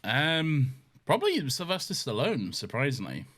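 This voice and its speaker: A man in a casual film chat, his voice at an ordinary pitch with big, lively swings. He is blunt and teasing and drops swear words freely. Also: normal speed. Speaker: podcast co-host.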